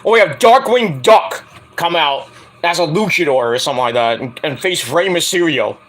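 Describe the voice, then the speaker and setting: A man's voice: a little high, animated, moderate pace, fairly bright tone. A man giving a rambling, joking casual livestream review of a wrestling show.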